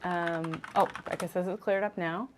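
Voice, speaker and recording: A woman's voice: fairly low pitch, steady tone, normal speed, background noise. A woman co-hosting a casual live stream, chatting and reading out viewer comments.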